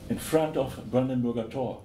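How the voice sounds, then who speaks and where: A man speaks English with a German accent, earnest and emphatic, stopping and restarting as he searches for words. His voice is mellow and dark in tone, and the room gives it a roomy echo with a faint rumble. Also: moderate pace. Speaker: entrepreneur in the discussion. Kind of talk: casual conversation.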